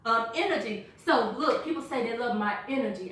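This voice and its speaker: Energetic woman pitching to a room. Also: brisk. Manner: energetic, chatty, laughing, quizzing the audience. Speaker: product presenter. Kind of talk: lively sales pitch to a small group. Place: echoey room with a small live audience. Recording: echoey room from far off.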